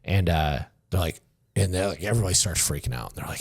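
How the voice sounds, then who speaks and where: A man's voice: low-pitched, quick pace. A middle-aged man and retired army sergeant major, talking loosely as a podcast guest, full of fillers and swearing, acting out the dialogue in his stories. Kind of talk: casual interview storytelling.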